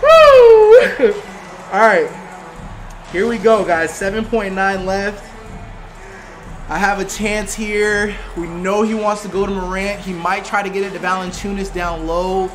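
A man giving excited live commentary while playing a basketball video game, reacting emotionally to every play. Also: high voice, measured pace, over music. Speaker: gaming commentator.

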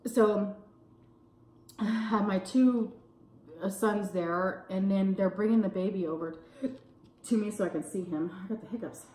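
Animated Texan woman in an echoey room. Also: measured pace, pauses often, a little hiss or hum. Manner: animated, swears freely, acts out quotes in a high voice. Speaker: food vlogger telling a story. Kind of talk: casual storytime while eating.

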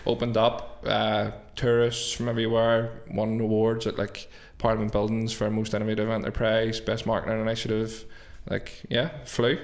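A man's voice: on the low side, monotone, normal speed, gravelly, hardly any pauses. Man, 30s, Belfast accent, podcast guest, casual storyteller who swears a lot. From Northern Ireland. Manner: swears freely, tells stories with quoted dialogue. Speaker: guest, business owner.

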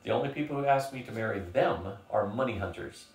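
A man's voice: lowish voice, animated, fairly quick, lightly acted. A blunt, proud young heiress speaking coolly and matter-of-factly, read by an older man in his own voice. The sound is roomy and comes from some distance off the mic.

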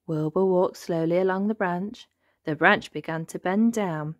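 A woman reading a children's bedtime story aloud, with gentle, expressive storytelling. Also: on the low side, a little slow, no room sound, clean studio sound. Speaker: storybook reader. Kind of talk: children's read-aloud narration.

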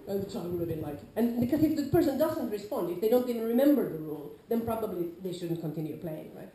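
A woman with a Nordic accent giving an informal lecture to a class, lively, acting out quoted players with sudden loud calls. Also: medium pitch, quick pace, hardly any pauses, crowd noise. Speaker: lecturer on larp safety. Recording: echoey lecture room.

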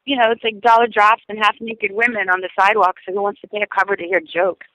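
A woman with a New Orleans accent, a comedian calling in by cell phone, talking quickly and wryly. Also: mid-range voice, level tone, pushed and bright, no room sound, poor audio. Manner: quick, wry. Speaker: guest comedian. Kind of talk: casual chat. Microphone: cell phone call-in.

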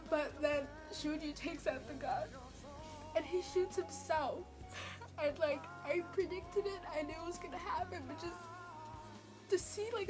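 A woman with a stuffy, nasal voice from a cold, talking emotionally about a drama in a casual, rambling review full of fillers, recorded on a tablet. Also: sits high. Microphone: tablet built-in mic.

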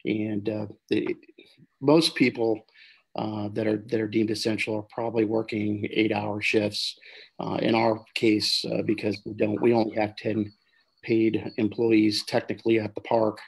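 A man being interviewed as a guest over a video call, measured with many pauses. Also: lowish voice, flat delivery, husky. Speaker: park facility manager.

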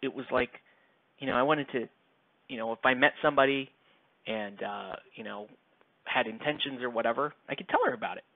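A man's voice: medium pitch, expressive, a little fast, gravelly, no echo. A young man chatting casually while painting, rambling and self-mocking as he reads comments aloud. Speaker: painting streamer. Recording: dry, tinny, phone-like sound.

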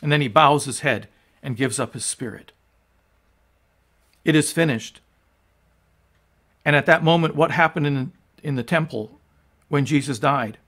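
A man's voice: fairly high pitch, moderate pace, a bit bright. A man pastor giving an earnest, emphatic sermon, reading scripture and teaching with restarts along the way. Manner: frequent restarts and fillers.

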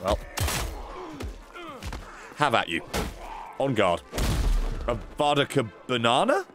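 A man streaming a violent game, giving sarcastic, sweary commentary that swings between low mutters and sudden shouts. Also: very animated, takes it slowly. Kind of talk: comedic gameplay commentary. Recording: game music behind voice.

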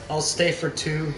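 A man's voice: fairly high pitch, pushed and bright, distant mic. Laid-back man streaming a shooter game. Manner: laid-back, playful, teasing banter. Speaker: streamer playing a team shooter. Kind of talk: casual gaming chat. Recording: echoey room with game music behind.

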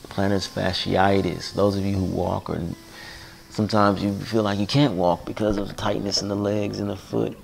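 A man guiding a yoga class, relaxed and playful, sighing and joking between cues. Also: low-pitched, gravelly. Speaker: yoga instructor. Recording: music playing behind voice.

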